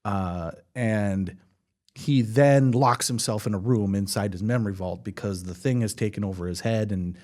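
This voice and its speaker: A man's voice: lowish voice, moderate pace. A man hosting a podcast in casual chat, swearing and acting out reactions. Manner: animated, swearing, acts out reactions. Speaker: podcast host.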